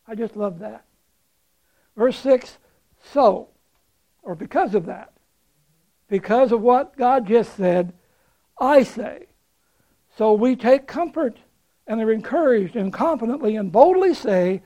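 A male pastor delivers a sermon in a high, mellow voice, leaning into repeated phrases with fervor. The recording is dull and slightly muffled. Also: expressive, slow, pauses often. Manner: fervent, repeats phrases for emphasis.

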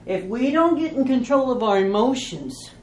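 A woman's voice: on the high side, animated, moderate pace, darkish tone, reverberant, slight background noise. A woman teaching a Bible study in an informal, folksy way, telling stories and asking rhetorical questions.

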